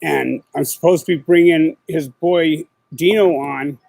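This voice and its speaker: A man's voice: a little high, measured pace, creaky, a little mellow, no echo, rough recording. A middle-aged man hosting his own show, talking casually and rambling in profane street slang with lots of fillers. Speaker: podcast host. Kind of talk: casual livestream chat.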